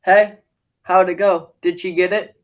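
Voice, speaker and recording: A man's voice: high-pitched, level tone, measured pace. A man playing a chill, rambling casting assistant, offhand, muffled video call sound. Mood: casual. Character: laid-back, scatterbrained young male casting assistant.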